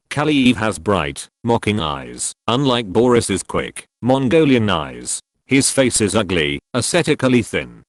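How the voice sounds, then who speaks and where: A man narrating a historical audiobook in a measured, expressive storytelling manner, recorded close up in a booth. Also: lowish voice, no room sound. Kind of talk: scripted narration.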